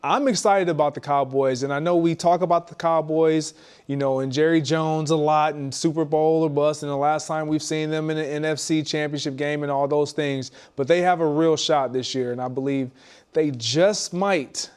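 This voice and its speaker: A man's voice: fairly high pitch, steady tone, normal speed, a little mellow, clean tone. A man co-hosting a sports talk show, arguing his opinions emphatically.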